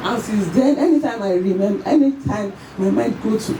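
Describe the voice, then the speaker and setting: A Nigerian woman giving an emotional tribute at a memorial service, her voice shaking as she tells the story in halting, repeated phrases. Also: medium pitch. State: tearful, voice shaking. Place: church or event hall at a memorial service. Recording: echoey hall, far from the mic, faint noise.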